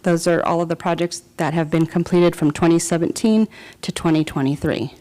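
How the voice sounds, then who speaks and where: A woman's voice: on the low side, fairly even intonation, brisk, dark tone, poor audio. A woman presenting a report to a city council, reading figures and lists steadily with the odd filler. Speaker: city department director. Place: council chamber.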